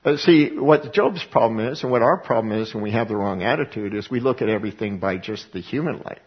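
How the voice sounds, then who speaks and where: A man with a husky, low-leaning voice speaks fairly quickly on a lo-fi recording. He teaches the Bible in sermon style, talking emphatically and asking and answering his own questions.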